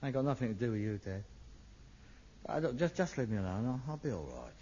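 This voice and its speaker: An actor playing a touchy, irritable grown son who snaps into rants, in a dull, lo-fi old radio sitcom recording. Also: male voice, medium pitch, big pitch swings, fairly quick, dark tone, a little hiss or hum, close to an everyday voice. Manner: irritable, snapping, flares into rants. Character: frustrated middle-aged London son, irritable and touchy. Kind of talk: 1960s radio sitcom acting.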